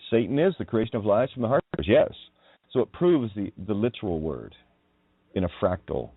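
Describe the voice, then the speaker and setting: A man's voice: lowish voice, very animated, brisk, creaky, husky, dry recording. A man hosting a radio show, talking through a wandering, emphatic monologue on word meanings and swearing when riled. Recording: tinny phone-like line.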